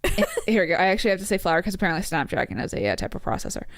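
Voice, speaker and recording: A woman's voice: on the low side, very animated, racing, no room sound. A woman co-hosting a game playthrough, reading the game's narration aloud in an easygoing way between casual chat. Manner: easygoing, reading narration plainly with small laughs. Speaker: let's-play co-host.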